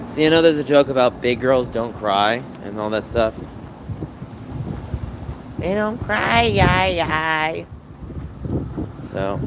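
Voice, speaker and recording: A man in his thirties talks with his viewers as he walks through the city at night. His voice sits at a middle pitch, with clear street and traffic noise behind it. He sounds chatty and openly emotional while he answers comments. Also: a bit bright, low-quality recording. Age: 30s. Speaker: livestreamer. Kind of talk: casual livestream chat.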